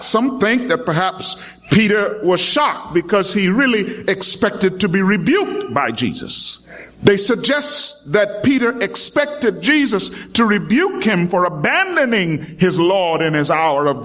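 Animated high-voiced preaching man. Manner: dramatic, emphatic, with rhetorical calls to the congregation. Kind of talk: sermon.

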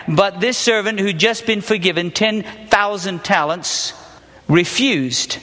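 A man's voice: high-pitched, slow, bright, forceful tone, big-room sound. A man teaching a Bible passage, reading it aloud and then questioning his listeners with small laughs.

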